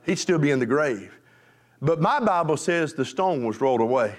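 A male pastor preaching a revival sermon, fervent, jumping from shouts to hushed pleading, with folksy call and response to the congregation. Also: a little high, expressive, moderate pace.

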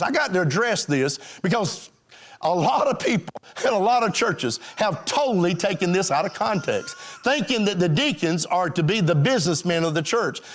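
A man preaches to his congregation in a high, animated voice. He is emphatic and calls out questions to the church. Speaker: pastor. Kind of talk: sermon.

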